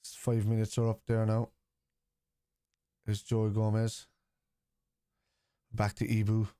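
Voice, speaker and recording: A man's voice: lowish voice, monotone, takes it slowly, warm tone, smooth, no echo, clean studio sound. A man hosting a live football watchalong, chatting casually and answering viewers' comments.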